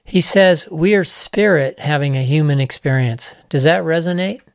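Give me a measured interviewer posing questions, with a middle pitch. The voice sits a little back from the mic, and the recording is dry with no echo. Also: gravelly. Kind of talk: conversational interview.

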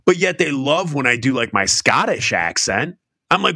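A middle-aged man co-hosts a podcast in loose, rambling chat and pokes fun at the show. His voice is bright and forceful. The sound is dry and close. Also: mid-range voice, very animated, normal speed, no echo. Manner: rambling, self-deprecating, breaks into silly put-on accents. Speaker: podcast co-host. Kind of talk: casual chat.

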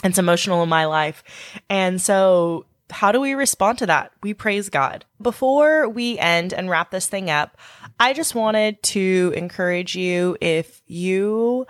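A woman's voice: mid-range voice, expressive, unhurried, dry recording, clean studio sound. A woman in her thirties co-hosting a faith podcast, talking in an earnest, heartfelt and encouraging way. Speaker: podcast co-host.

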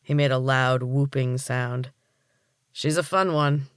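Male narrator plays a smug bossy gym chief, mid-pitched, dry close read. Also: steady tone, takes it slowly, a bit bright, clean tone, no echo. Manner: smug commanding. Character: older male gym boss, smug and domineering.

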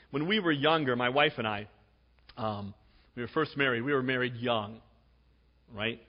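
A man's voice: mid-range voice, normal speed, long pauses. A man in his forties preaching a sermon as pastor, chatty and jokey, often tagging "right?". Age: 40s. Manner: conversational, jokey, repeats "right?". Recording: dull sound with long hall reverb.

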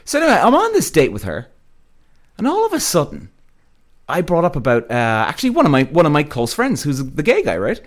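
Guy ranting on his podcast, swears a lot, voice jumps all over the place, super animated. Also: fairly high pitch, fairly quick. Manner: blunt, profane, animated storytelling. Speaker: podcast host. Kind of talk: casual storytelling monologue.

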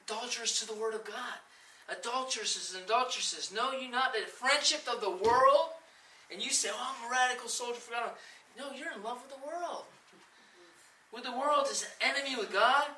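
A woman's voice: on the high side, normal speed, pushed and bright, recorded from a distance, slight background noise. A woman preaching a sermon with emphasis, asking the room questions and acting out quoted voices. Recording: echoey room, voice from off the mic.

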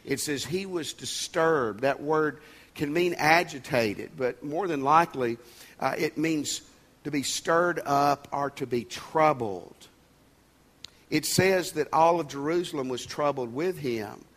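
A man's voice: on the high side, measured pace, fairly bright tone. A male pastor giving a sermon, conversational and emphatic, with folksy asides and jokes.

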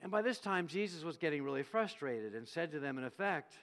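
A man preaching a sermon in a slightly high voice, animated and storytelling, acting out voices as he goes. His words ring out with a long hall reverb, as in a church. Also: a little fast, hardly any pauses.

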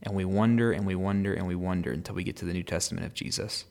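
A man hosting a daily scripture reading, reading aloud and then reflecting in a calm, conversational way. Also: deep voice, fast talker, gravelly. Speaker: podcast host reading scripture.

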